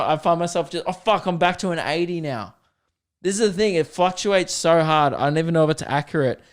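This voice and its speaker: A young man hosting a podcast, ranting comically with lots of swearing, laughing and loud exasperated outbursts. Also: medium pitch. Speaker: podcast host. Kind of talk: comedic rant.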